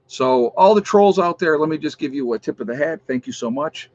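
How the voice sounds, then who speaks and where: A man's voice: a little high, lively intonation, a little fast, a little mellow, lo-fi sound. A man from New York State hosting his own channel's livestream, chatting casually and with amusement as he reads out viewers' locations and teases trolls. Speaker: YouTube channel host.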